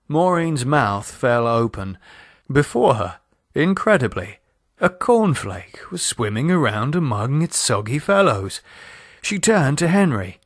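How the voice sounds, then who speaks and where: A man narrating an audio horror story in a lively, expressive storytelling manner. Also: mid-range voice, slow, no echo, studio quality.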